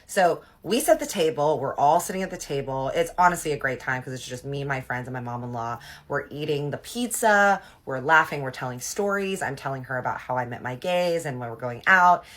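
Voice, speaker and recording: A woman's voice: a bass voice, animated, fairly quick, few pauses, fairly bright tone. A young adult woman telling a personal story in a casual, gossipy, profane way.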